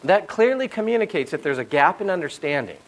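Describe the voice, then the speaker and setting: A middle-aged male pastor preaches in a slightly high voice. He tells stories in an animated way and often checks in with the congregation. His delivery is lively and conversational. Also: brisk, low-quality recording. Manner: animated storytelling with asides to the audience. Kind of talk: sermon.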